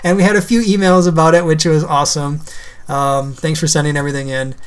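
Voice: mid-range voice, level tone, fast, smooth. A podcast co-host in casual chat who rambles, laughs often and uses lots of fillers.

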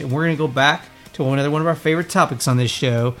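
A man hosting a casual pop-culture podcast, talking in an excitable, rambling way. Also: on the high side, fast talker, hardly any pauses, faint music behind. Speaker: podcast host.

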